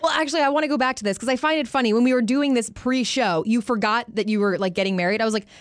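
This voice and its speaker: Woman co-host, teasing and quick, slightly high voice, dry sound. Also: no echo. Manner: teasing, quick asides, laughs often. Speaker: podcast co-host. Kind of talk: casual chat.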